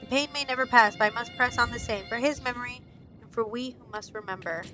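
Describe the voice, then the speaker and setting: A woman's voice: on the high side, quick pace, over music, natural voice, low-quality recording. A woman reading a grieving villager. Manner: reading game dialogue aloud, subdued. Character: grieving young villager who lost a friend.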